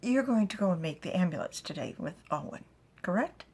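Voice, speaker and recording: Woman voicing a male chief, bossy but affectionate, husky, bouncy delivery. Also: on the low side, lively intonation, fairly quick, darkish tone. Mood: brisk. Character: gruff male chief, fond and teasing.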